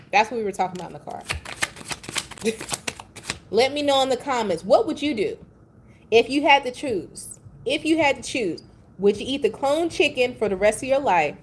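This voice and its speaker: A woman's voice: high-pitched, animated, normal speed, long pauses, breathy edge. A woman giving a casual tarot reading, blunt, profane and chatty, drifting into playful tangents. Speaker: tarot reader. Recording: faint background noise.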